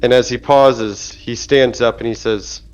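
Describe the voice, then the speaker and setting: A man narrating a tabletop game as game master, speaking in a measured, descriptive way. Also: mid-range voice, steady tone. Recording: dull lo-fi audio with faint music.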